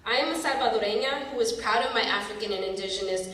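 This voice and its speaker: A woman's voice: mid-range voice, fast. Woman storyteller in an echoey hall. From San Francisco, USA. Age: 30s. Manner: expressive, dramatic storytelling. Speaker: storyteller performer. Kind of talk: spoken-word personal storytelling. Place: theater stage. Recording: echoey hall from far off, faint noise.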